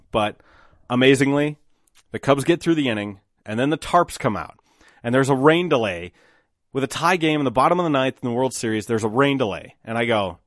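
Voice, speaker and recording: Excited man on a solo podcast. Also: mid-range voice, no echo, clean studio sound. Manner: excited, animated storytelling with emphatic outbursts. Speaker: podcast host.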